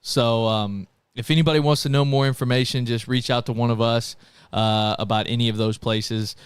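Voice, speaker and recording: A man with a smooth, clear voice hosts a live podcast. He is easygoing and steers the conversation, with dry, close sound. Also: mid-range voice, fairly even intonation, no room sound. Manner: easygoing, quick to laugh, steers the talk. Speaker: podcast host. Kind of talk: casual live podcast chat.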